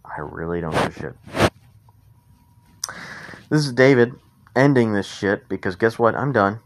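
A man's voice: lowish voice, lively intonation, measured pace. A man ranting bluntly and heatedly into the camera, swearing freely. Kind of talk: unscripted angry rant. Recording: noisy recording with clicks.

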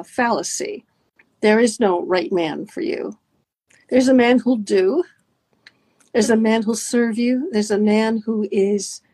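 A woman with a somewhat high, husky voice talks straight to her listeners as a coach. Her delivery is animated and conversational, and her pitch swoops up and down as she demonstrates. The sound is dry and close. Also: no room sound. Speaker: dating and mindfulness coach. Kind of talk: guided coaching talk.

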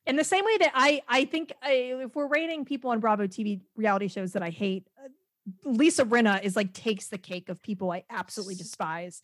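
A woman chatting casually as a podcast guest, animated and quick to laugh, with lots of fillers and restarts. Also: a little high, no echo, clean studio sound.

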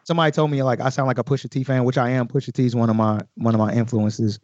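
A man talking casually as a podcast guest, explaining his own rap lyrics in an animated way with many fillers. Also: medium pitch, very fast, no room sound, lo-fi sound. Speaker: guest recording artist.

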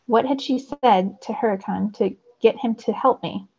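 A woman's voice: mid-range voice, normal speed, creaky, breathy edge. A woman teacher reading a novel aloud expressively for her students, on a dull lo-fi recording. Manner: expressive storytelling.

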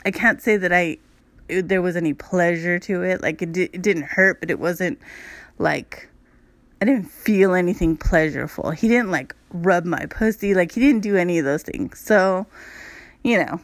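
A woman's voice: lowish voice, moderate pace, no echo. A woman hosting a podcast, telling a personal story in a candid, chatty way, full of "like" and asides to her listeners. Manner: candid, chatty, addresses listeners as "you guys"; frequent "like" fillers. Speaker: podcast host. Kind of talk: casual storytelling monologue.

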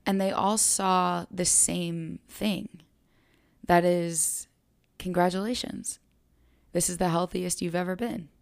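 A woman's voice: fairly low pitch, steady tone, measured pace, creaky, hardly any pauses. A young adult woman hosting a podcast, telling a personal story in an earnest, reflective way and repeating phrases for emphasis. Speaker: podcast host.

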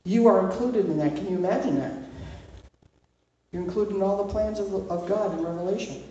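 A woman gives an informal Bible teaching with plenty of rhetorical questions. She leans hard on her key points and slows down to drive them home. Her voice carries across a very echoey room, picked up from a distance. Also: medium pitch, dark tone, lo-fi sound.

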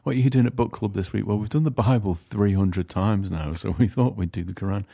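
Male podcast co-host, low gravelly voice, swings his pitch, crude jokey banter. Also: a little fast, dark tone. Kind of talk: casual comedy chat.

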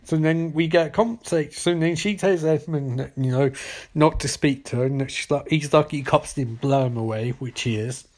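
Chatty man with a higher voice. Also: normal speed, darkish tone. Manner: chatty, loose, with frequent restarts. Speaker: TV reviewer. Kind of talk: casual episode recap.

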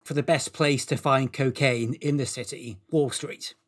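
A man presenting a comedic podcast, reading absurd made-up facts in a deadpan, matter-of-fact way. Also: mid-range voice, a little slow.

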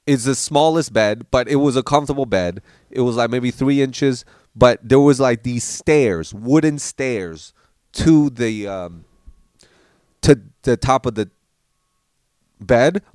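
A man's voice: mid-range voice, no echo, clean studio sound. A man casually telling stories about his childhood and acting out how his family spoke. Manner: animated, acts out family members while telling stories. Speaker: podcast storyteller. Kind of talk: casual storytelling.

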